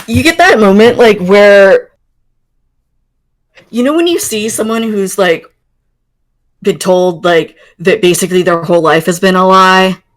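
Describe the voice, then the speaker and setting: A woman's voice: mid-range voice, a little slow, pauses often, rough recording. A woman playing a tabletop role-playing game, talking in and out of character with hesitant fillers and frequent laughs. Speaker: player. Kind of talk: tabletop role-play, mixing in-character talk and chat.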